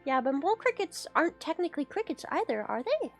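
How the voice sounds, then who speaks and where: A woman streamer in casual livestream chat with a high, bright-sounding voice. She talks in an excitable, playful ramble, swearing casually and jumping suddenly in pitch and loudness. Faint music plays quietly in the background. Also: fast.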